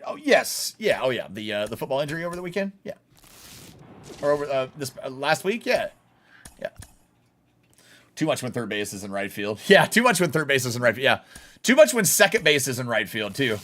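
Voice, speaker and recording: Lively casual male game streamer. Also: medium pitch, fairly quick, pauses often. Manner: casual, blunt, laughs often, talks to chat. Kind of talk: live gaming stream chat.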